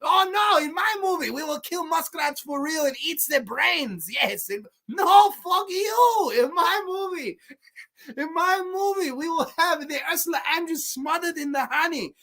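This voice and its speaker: A man voicing a boastful male exploitation film director with a hammy fake foreign accent, shouting and laughing. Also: extremely high pitch, a little slow, pitched above the performer's own voice, full character voice.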